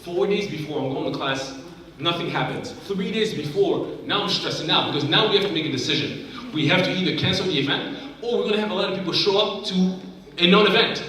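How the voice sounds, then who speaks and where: A man's voice: sits high, brisk, recorded from a distance. A young man telling a story in a sermon at a youth conference, acting out what people said in a raised voice. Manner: animated, acts out quotes in a raised voice. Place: large conference hall. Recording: echoey hall, mic heard from afar.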